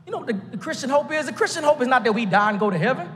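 A man from Texas, preaching a lively sermon from the pulpit with jokes and rising shouts. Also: very high-pitched, very fast, hardly any pauses, big-room sound. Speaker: pastor.

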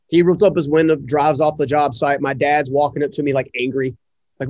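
A middle-aged man, an entrepreneur, telling a personal story in an interview, animated and full of fillers as he acts out the dialogue. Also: fairly high pitch, brisk, dry recording. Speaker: entrepreneur guest. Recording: dry, slightly muffled audio.

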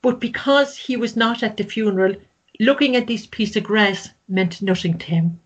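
A woman's voice: mid-range voice, moderate pace, breathy edge. Earnest woman telling a story. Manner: earnest, gentle, acts out quoted voices. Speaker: grief counsellor. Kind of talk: storytelling in an interview. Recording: slightly dull, lo-fi sound.

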